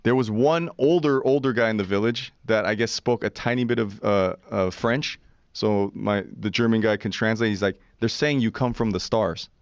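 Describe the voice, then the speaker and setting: A man in his forties with a fairly low voice tells a story as a podcast guest, animated and profane, slipping into the voices of the people he quotes. His studio mic sounds dry and dull, with a lo-fi edge. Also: moderate pace, smooth, dry recording. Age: 40s. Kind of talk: casual storytelling.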